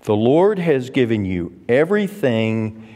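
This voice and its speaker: A man's voice: mid-range voice, big pitch swings, a little slow, warm tone. A man teaching a Sunday school Bible class, emphatic, repeating his points and quoting scripture. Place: church classroom. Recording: long church reverb.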